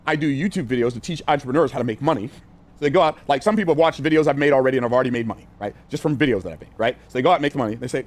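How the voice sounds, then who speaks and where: An older man teaching business sales from a whiteboard, energetic and conversational, repeating phrases for emphasis and using casual words like y'all and ain't. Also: mid-range voice, rapid-fire. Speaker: business coach.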